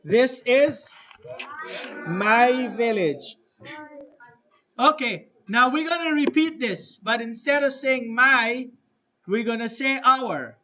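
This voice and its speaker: A man teaching an Arabic lesson to a class, drilling phrases slowly and having students repeat. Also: extremely high pitch, lively intonation, bright, forceful tone, highs cut off. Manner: slow, deliberate drilling with repetition to the class. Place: mosque classroom.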